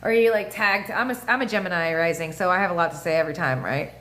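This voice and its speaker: A woman hosting a casual astrology livestream, talking in an animated, profane way with laughing asides and sing-song voices. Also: lowish voice, quick pace. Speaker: livestream host. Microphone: phone or webcam mic.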